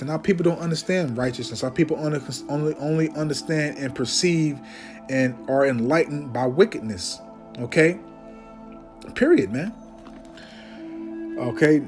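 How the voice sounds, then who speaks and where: A man teaching scripture informally, emphatic and preachy, often tagging his sentences with "man" and "okay?", and slowing down to declaim Bible verses. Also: on the high side, music in the background. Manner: reads Bible verses aloud in a slower, declaiming voice.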